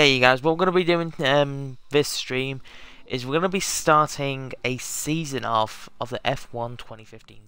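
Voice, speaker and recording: A man's voice: medium pitch, fairly bright tone, clean tone. A man casually chatting to his viewers as he sets up a live game stream, rambling and correcting himself as he goes.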